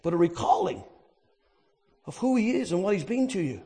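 Male preacher, very high voice, dynamic delivery, quiet to shouting, rhetorical questions. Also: sing-song, moderate pace. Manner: asks and answers his own questions. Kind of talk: sermon.

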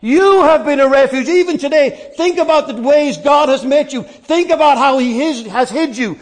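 A man preaching a sermon, dynamic, swinging from quiet asides to shouted points and answering his own questions. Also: extremely high pitch, normal speed.

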